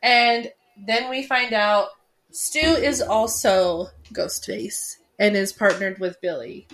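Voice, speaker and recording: A woman co-hosting a podcast, chatting about a film in an excitable, rambling way and laughing easily. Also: mid-range voice, slow pace, slight background noise. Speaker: podcast co-host. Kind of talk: casual chat about a film.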